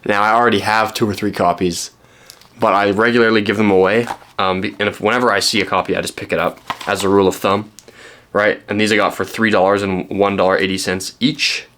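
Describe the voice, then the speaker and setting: A man's voice: lowish voice, level tone, a little fast, a bit bright. A young man from Canada, chatting casually and rambling with lots of ums while showing the books he found. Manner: rambling, self-deprecating, many ums and restarts. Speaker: book vlogger.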